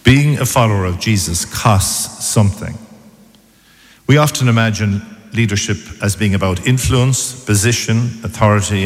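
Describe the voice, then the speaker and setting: A man preaching a measured, deliberate sermon as a priest. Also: lowish voice. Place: church. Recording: long church reverb.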